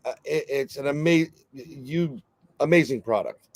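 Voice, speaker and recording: A man's voice: medium pitch, measured pace, no room sound. Man with a New York accent, chatty rambling host, dry close mic. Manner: chatty, rambling, jokey, many fillers. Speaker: podcast host. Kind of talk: casual interview chat.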